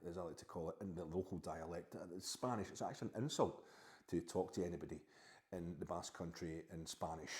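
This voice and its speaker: A middle-aged Scottish man with a lowish, mellow voice rattles along quickly in a comic podcast monologue. He rambles sheepishly, breaking off to answer back to his wife. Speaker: podcast host.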